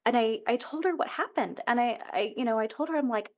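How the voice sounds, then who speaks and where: Woman in her thirties with a bright, higher voice, earnest and open as she shares a personal story as an interview guest. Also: fairly quick, hardly any pauses. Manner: earnest, emotional, self-correcting restarts.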